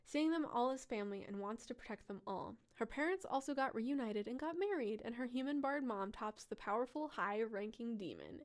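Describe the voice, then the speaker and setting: Giggly woman hosting a live stream. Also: a little high. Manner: laughs often, chatty with viewers. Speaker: live-stream storyteller host. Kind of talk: casual live-stream reading.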